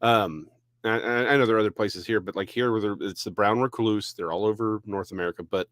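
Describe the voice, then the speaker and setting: Low-voiced chatty man from Texas. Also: steady tone, brisk, a bit bright, dry recording, clean studio sound. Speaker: podcast co-host. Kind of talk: casual chat.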